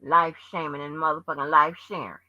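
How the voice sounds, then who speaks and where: A woman's voice: sits low, flat delivery, a little fast, pushed and bright, no echo. A woman hosting her own channel, delivering a heated, profanity-heavy rant that scolds her viewers. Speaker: channel host. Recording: dull lo-fi dry sound.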